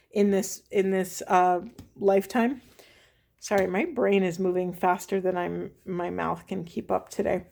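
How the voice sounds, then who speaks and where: A woman's voice: mid-range voice, darkish tone. A woman reading tarot cards and musing aloud about their spiritual messages, often stopping to restart her sentences. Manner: thinking aloud, halting restarts. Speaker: tarot card reader.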